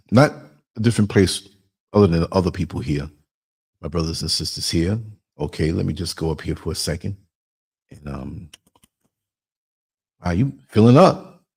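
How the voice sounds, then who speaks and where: A man's voice: on the low side, darkish tone, slightly rough. Chatty man hosting a livestream. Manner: chatty, laughs often, reads out chat comments. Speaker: podcast host. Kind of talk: casual livestream talk.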